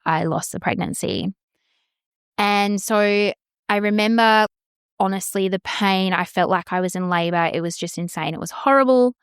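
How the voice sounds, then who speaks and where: A woman's voice: medium pitch, normal speed, clean tone, no echo, studio quality. Frank woman telling her story. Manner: frank, swears freely, acts out quoted exchanges. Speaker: podcast host. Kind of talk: candid personal storytelling.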